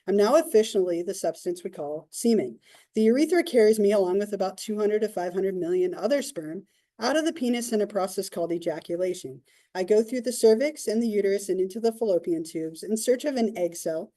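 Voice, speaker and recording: A woman's voice: mid-range voice, expressive, brisk, warm tone, voice pushed down, lightly acted. A woman voicing a sperm cell that tells its own journey, reading a first-person worksheet aloud. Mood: matter-of-fact.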